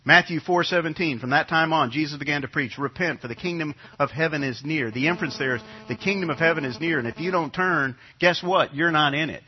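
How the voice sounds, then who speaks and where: A man's voice: fairly high pitch, fairly quick, few pauses, slightly rough. A middle-aged man from New York preaching a sermon as pastor, talking in a conversational way and repeating his key phrases. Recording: dull lo-fi sound.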